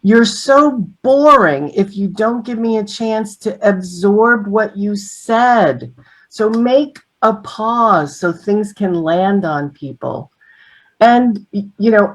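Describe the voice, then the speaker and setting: A middle-aged woman giving an online training on sales presentations, teaching through lively examples. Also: medium pitch, rough recording.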